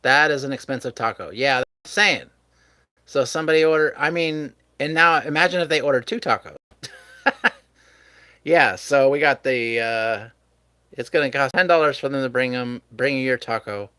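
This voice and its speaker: A man's voice: medium pitch, moderate pace, sharp tone, clean tone, dry recording. A man hosting a live stream, chatting casually with his viewers and chuckling often. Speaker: livestream host.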